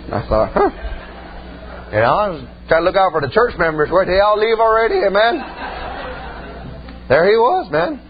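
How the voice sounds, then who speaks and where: A man preaches a folksy, story-driven sermon in a high voice whose pitch swoops wildly, speaking at a moderate pace with frequent pauses. He keeps saying "amen" and "man", a faint crowd is audible, and the recording is dull and lo-fi with a faint hum.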